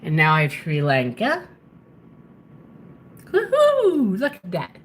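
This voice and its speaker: A woman's voice: low-pitched, big pitch swings, normal speed, a bit bright. A woman chatting casually on a live stream from her home, muttering to herself as she searches a map, talking into a handheld phone. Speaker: livestreamer. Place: at home, indoors.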